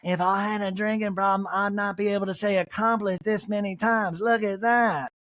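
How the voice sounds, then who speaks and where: A man's voice: sits high, fairly even intonation, moderate pace, a bit bright, no echo, clean studio sound, pitched above the performer's own voice. A man doing a mocking impression of a catty reality-TV woman in a comedic recap.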